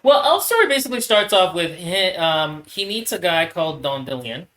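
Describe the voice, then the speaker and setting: A co-host with a middle-pitched voice talks through a book in casual book club chat. The delivery is thoughtful and hedging, full of "like" and "um". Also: very animated, moderate pace, fairly bright tone.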